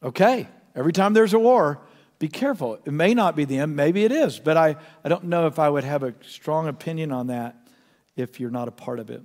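Middle-aged male pastor, impassioned preacher with a higher voice, echoing sanctuary. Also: animated, fairly quick. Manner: impassioned, storytelling, drops to hushed tones. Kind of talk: sermon. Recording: long reverb of a church hall.

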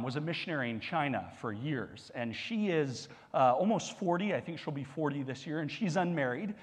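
A male pastor giving a sermon in a conversational, animated style with humorous asides. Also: sits high, big-room sound.

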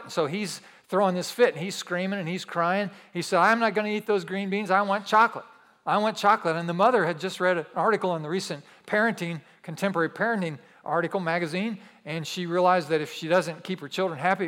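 A pastor preaches to his congregation in a church hall, emphatic and repeating key lines, with humorous asides thrown in. His voice is a little high and a bit bright, and the hall adds long reverb.

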